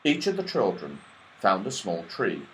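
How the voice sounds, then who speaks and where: Male audiobook reader for a children's story, unhurried and animated. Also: deep voice, low-quality recording. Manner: slow, expressive reading. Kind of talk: storybook narration.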